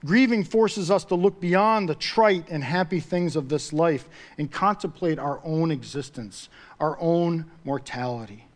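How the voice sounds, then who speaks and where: High-voiced pastor preaching conversationally. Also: male voice, unhurried. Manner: conversational preaching with emphatic swells and repeated phrases. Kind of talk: sermon.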